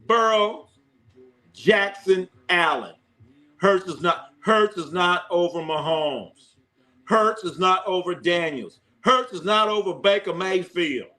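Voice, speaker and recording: A man hosting a live sports talk stream, excitable and chatty, riffing on viewer comments and repeating himself for emphasis. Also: high-pitched, slow. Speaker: sports show host.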